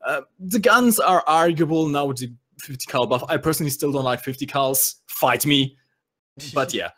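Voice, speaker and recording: A man's voice: fairly high pitch, normal speed, fairly bright tone. Man, podcast host, casual gaming chat, analytical, jokey asides.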